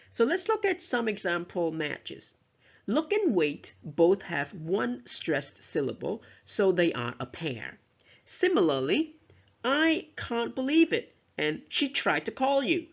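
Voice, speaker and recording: Teacher voice, gravelly, bouncy up-and-down pitch, reads example lines out loud, dull lo-fi audio. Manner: explains step by step, models example sentences aloud. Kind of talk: lecture on teaching pronunciation. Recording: dull, lo-fi recording.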